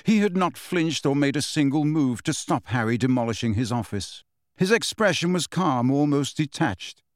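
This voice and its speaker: A man's voice: fairly high pitch, expressive, normal speed, dry recording, clean studio sound. A man narrating a fantasy novel as an audiobook, reading expressively.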